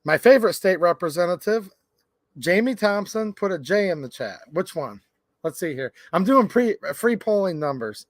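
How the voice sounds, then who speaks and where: A man's voice: sits high, normal speed, no room sound, studio quality. Chatty man hosting a live stream. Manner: animated, chatty, reads viewer comments aloud. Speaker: livestream host. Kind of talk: casual livestream chat.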